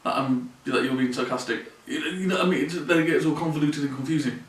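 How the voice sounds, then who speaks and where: Male vlogger, earnest and plainspoken, slightly higher voice, recorded from a distance in an echoey room. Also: quick pace. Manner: earnest, plainspoken, repeats phrases. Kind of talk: personal confessional vlog. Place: room in his mother's home. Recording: roomy sound from a distant mic.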